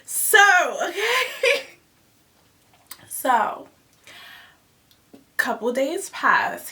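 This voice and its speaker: A woman in her twenties, telling a personal story in a casual, animated and dramatic way, laughing and dropping into asides. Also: sits high, recorded from a distance.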